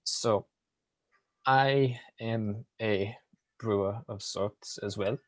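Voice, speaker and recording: A man playing in a tabletop game, speaking in a polite, hesitant, halting way. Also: fairly low pitch. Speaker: player. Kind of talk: tabletop role-play.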